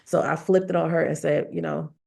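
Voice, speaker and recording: A woman, a psychic medium, talking in an animated, emphatic way, repeating phrases for effect. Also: low voice, fairly quick, gravelly. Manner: emphatic, repeats phrases, acts out quoted voices. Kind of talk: animated storytelling in conversation.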